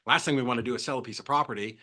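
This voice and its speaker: Bright, animated man telling stories. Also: rapid-fire. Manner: animated, jumps in pitch, acts out quotes. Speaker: guest, real estate transaction coordinator. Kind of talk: casual podcast storytelling.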